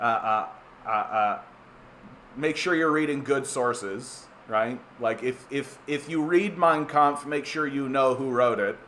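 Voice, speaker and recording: Canadian guy rambling on his stream, sarcastic, lots of uh and restarts, mid pitch, bit of background hiss. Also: a bit bright. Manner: rambling, many restarts and fillers, sardonic. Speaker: livestream host reading chat. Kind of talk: casual political livestream chat.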